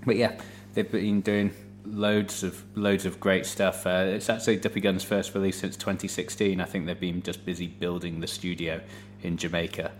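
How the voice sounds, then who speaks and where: Man, podcast host, deep voice, relaxed, fillers, faint hum. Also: moderate pace, hardly any pauses. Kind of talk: casual chat between music tracks.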